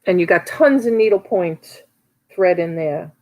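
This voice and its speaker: A woman's voice: on the low side, lively intonation, measured pace, muffled recording. A woman with a New York accent calling a live online auction, chatty and teasing bidders by name.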